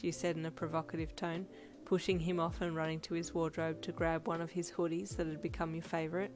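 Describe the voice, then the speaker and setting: A woman narrating a second-person fan fiction audiobook in a steady storytelling read. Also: sits low, quick pace. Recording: loud music bed under voice.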